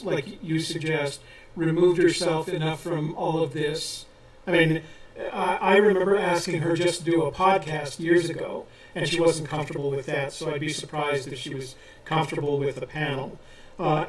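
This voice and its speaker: A man with a slightly high voice explains things carefully in a relaxed live chat, pausing often on "uh". He sits a little back from the microphone. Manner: measured and explanatory, with frequent "uh" pauses. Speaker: co-host of a treasure-hunt channel. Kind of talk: casual live chat answering viewer questions. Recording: voice a little distant from the mic.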